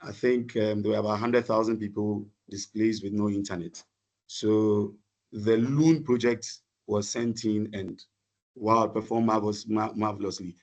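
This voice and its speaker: Guy on a webinar call, lowish voice, keeps stumbling and repeating words. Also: steady tone, normal speed, a little mellow, lo-fi sound. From Ghana. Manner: hesitant, many repeated words and fillers. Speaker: webinar speaker. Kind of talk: presentation talk.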